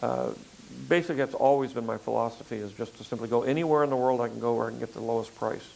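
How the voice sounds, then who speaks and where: An older man filmmaker in a relaxed interview conversation, talking in a rambling way with frequent fillers and restarts. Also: medium pitch, fast, gravelly, poor audio. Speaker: filmmaker guest.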